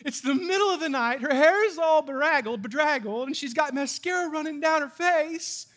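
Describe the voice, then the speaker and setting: A middle-aged male pastor with a high voice. He preaches in an animated way and keeps asking the congregation questions. He jumps up into an even higher register for emphasis. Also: moderate pace. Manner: animated, asks the audience questions. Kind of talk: sermon.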